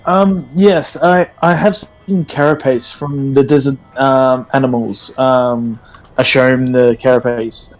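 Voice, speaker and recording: A man's voice: medium pitch, fairly even intonation, slow, soft background music, rough recording. A man playing in a tabletop game, talking hesitantly with many ums and restarts. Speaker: player. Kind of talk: casual tabletop role-play.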